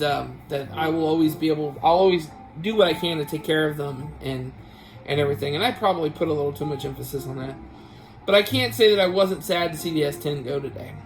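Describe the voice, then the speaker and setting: A man's voice: on the high side, a little hiss or hum, low-quality recording. A man hosting a casual vlog, telling a family story in a rambling way with many restarts. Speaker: vlog host. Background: guitar music.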